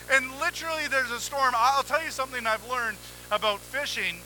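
A man preaching a sermon in a conversational, energetic way, acting out little exchanges with God, at a church microphone. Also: very high voice, normal speed, slight background noise, rough recording. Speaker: pastor. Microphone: handheld or headset mic, volume cutting on and off.

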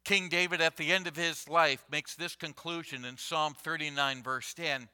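A man preaching a Sunday sermon as pastor, deliberate and emphatic, repeating key phrases for weight. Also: a little high, fairly even intonation, bright, forceful tone, smooth.

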